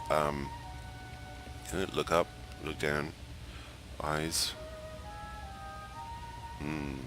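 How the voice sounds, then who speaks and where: A man giving casual, playful, rambling commentary while testing a game feature. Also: very deep voice. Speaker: game vlogger. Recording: game music playing behind.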